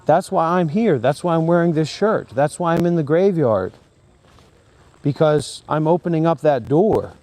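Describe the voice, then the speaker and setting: Preachy, rambling man with a mellow voice. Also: on the high side, expressive, moderate pace. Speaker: former Buddhist monk vlogger. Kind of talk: rambling monologue to camera. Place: outdoors in a graveyard.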